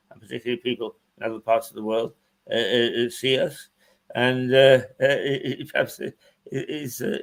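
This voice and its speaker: A man presenting a radio show in a casual chat, talking haltingly with many restarts and chuckles. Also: mid-range voice, vocal fry, fairly bright tone.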